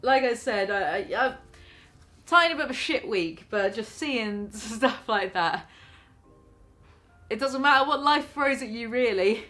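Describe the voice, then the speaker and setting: A woman's voice: a little high, lively intonation, unhurried, long pauses, sharp tone, soft background music. Woman, British accent, sarcastic comedy commentary host, crude and giggly. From Britain. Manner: mocking, swears freely, laughs often. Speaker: commentary vlogger.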